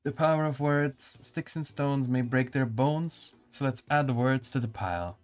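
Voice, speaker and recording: A man's voice: mid-range voice, moderate pace, hardly any pauses, faint music behind. A male streamer reading game dialogue and narration aloud, musing and stumbling over hard words.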